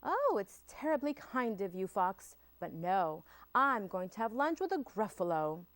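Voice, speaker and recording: A woman's voice: medium pitch, very animated, measured pace, dry recording. A woman voicing a small, clever mouse in a storybook reading, speaking in a prim, matter-of-fact way. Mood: sly.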